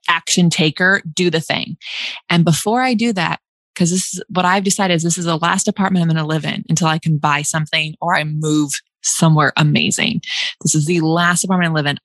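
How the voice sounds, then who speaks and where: Chatty young woman, lowish voice. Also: a bit bright, no room sound, studio quality. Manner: chatty, laughs often, many restarts and likes. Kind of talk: casual chat.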